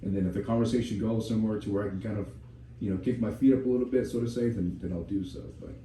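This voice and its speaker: Brief: a low-voiced male podcaster telling a story casually, with curses and asides, roomy distant sound with faint hum. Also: steady tone, very fast, mellow. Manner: rambling, profane, many "you know" asides. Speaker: podcast co-host.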